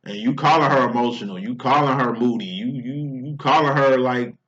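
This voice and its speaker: A man's voice: mid-range voice, a little fast, a bit bright. A man giving a casual spiritual card reading, blunt and profane, mocking his listener and acting out quoted lines in a raised voice. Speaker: tarot card reader. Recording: dull lo-fi recording.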